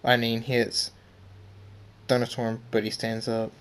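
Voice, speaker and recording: Guy slowly reading his pony fan story, trips over words. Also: medium pitch, completely flat delivery, a bit bright, clear, resonant tone. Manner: slow, halting reading with restarts.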